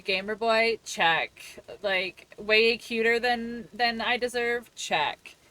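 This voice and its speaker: Young woman streaming from home, rambly and giggly, kinda high sharp voice. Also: takes it slowly. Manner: chatty, rambling and laughing, reads chat aloud. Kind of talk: casual live-stream chat while gaming.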